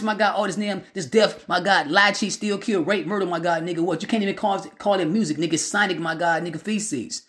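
High-voiced man preaching with fiery emphasis. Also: a bit bright. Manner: emphatic, repetitive filler phrases, slangy. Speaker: street preacher. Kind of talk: preaching sermon.

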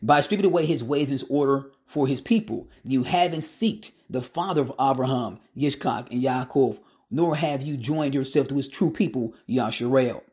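A man delivering a fiery solo sermon, his voice sitting at an ordinary middle pitch. He talks emphatically, throws rhetorical questions at the listener and slips casual street slang into his preaching. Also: moderate pace, darkish tone. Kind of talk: preaching monologue.

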